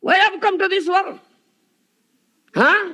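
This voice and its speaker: A man's voice: extremely high pitch, moderate pace, sharp tone, voice pushed up, full character voice. A man voicing a stern male sage who scolds grieving women and repeats his insults, within a scripture lecture. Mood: scolding.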